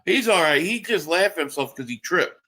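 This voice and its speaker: A man's voice: a little high, animated, a little fast, bright, forceful tone. A man hosting a live stream, chatting casually and answering viewers' comments while tired from just waking up. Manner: reads chat aloud and answers viewers, with restarts.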